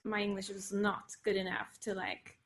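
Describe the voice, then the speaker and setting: A woman's voice: mid-range voice, moderate pace, fairly bright tone, slight background noise. A young woman from Sweden, a writer, chatting casually in an interview, laughing easily and often correcting herself. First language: Swedish. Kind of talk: casual video-call chat.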